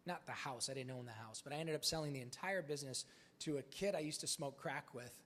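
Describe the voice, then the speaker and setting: A man's voice: medium pitch, fast talker, fairly bright tone. A man speaking as a motivational speaker at a live event, telling candid stories casually, swearing freely and acting out the dialogue. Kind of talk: live storytelling talk.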